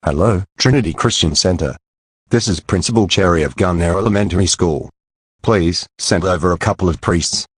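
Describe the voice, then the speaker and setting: A man's voice: sits low, moderate pace, slightly rough. A synthetic male voice playing a stern school principal in a cartoon, scolding and making announcements. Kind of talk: text-to-speech cartoon dialogue.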